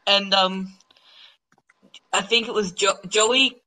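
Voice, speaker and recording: A man's voice: high voice, steady tone, slow pace, sharp tone, low-quality recording. A teenage boy, joking rowdily with friends on a group voice call. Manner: rowdy, joking, laughs often. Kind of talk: casual chat.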